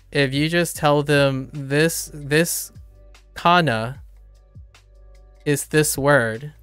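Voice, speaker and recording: A man's voice: fairly high pitch, a bit bright, smooth, no echo. A man streaming a casual lesson on Japanese sounds, rambling, correcting himself and laughing often. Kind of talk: casual live-stream explanation.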